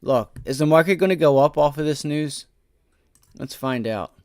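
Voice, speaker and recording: A man hosting a live day-trading stream, talking through charts and swinging between low frustrated muttering and loud swearing outbursts. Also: moderate pace, no echo, clean studio sound. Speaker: day trading livestream host.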